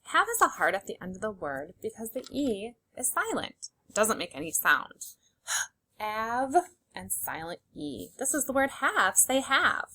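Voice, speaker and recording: A young adult woman teaching a phonics lesson to young children, sounding out each letter sound slowly and clearly and praising with upbeat encouragement. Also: fairly high pitch, big pitch swings, pushed and bright.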